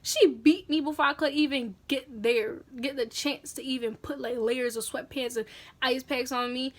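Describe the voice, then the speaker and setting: A woman vlogger telling a personal story in a casual, animated, slangy way. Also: sits high, normal speed.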